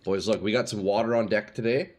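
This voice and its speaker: The voice here is lowish and fairly even, moving at a quick pace. It belongs to a game streamer casually chatting with his audience, full of slang and calls of "dude" and "boys."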